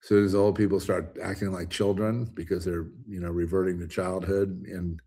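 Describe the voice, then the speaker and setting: A man's voice: low-pitched, flat delivery, normal speed, dark tone, breathy edge. A man hosting his own commentary show, ranting alone in an emphatic, rambling way with many restarts. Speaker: commentary host. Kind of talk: ranting solo monologue.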